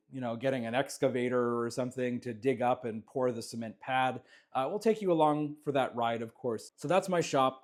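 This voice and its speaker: A man from Canada walks through his small home jewellery workshop and talks as he goes. His voice sits in an everyday middle range. He rambles, restarts and fills the gaps with "uh" and "um". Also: medium pitch. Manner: relaxed, rambling, many fillers and restarts. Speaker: jewellery maker giving a studio tour. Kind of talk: casual walkthrough vlog.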